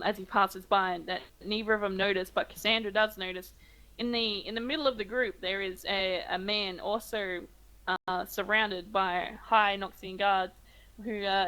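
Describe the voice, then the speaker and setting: Woman, Australian accent, game master, hesitant narration, bright tone. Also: mid-range voice, low-quality recording. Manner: hesitant, many ums and uhs.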